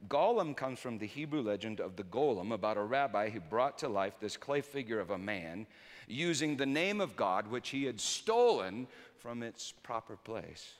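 A man preaching a sermon through personal stories, swinging between loud emphasis and hushed quiet. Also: fairly low pitch, big pitch swings, moderate pace. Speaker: pastor. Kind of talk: storytelling sermon. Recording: reverberant hall.

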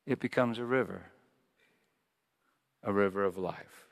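A man's voice: a little slow, vocal fry, pauses often. A man preaching a sermon, dramatic and storytelling, in a church. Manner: dramatic, rising to high excited quoted voices. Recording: long reverb of a large hall.

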